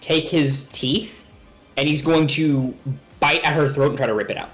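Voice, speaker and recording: A man playing in a tabletop role-playing game, talking deliberately, asking questions and making dry jokes. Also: on the high side, fairly even intonation, fairly bright tone, faint music behind. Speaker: player. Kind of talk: casual tabletop role-play chat.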